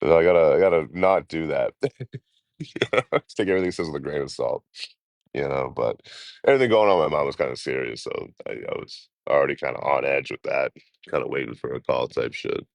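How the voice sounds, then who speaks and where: Man in his 40s, deep gravelly voice, dry close sound, rambling casual chat. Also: lively intonation, a little fast, no room sound. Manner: rambling, profane, laughing often. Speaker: travel vlogger. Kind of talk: casual live-stream chat.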